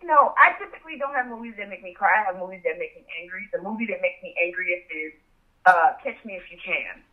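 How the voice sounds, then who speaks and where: A woman's voice: mid-range voice, expressive, quick pace. A woman guest on a podcast, talking in a thoughtful, opinionated way. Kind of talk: casual chat. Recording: tinny phone line.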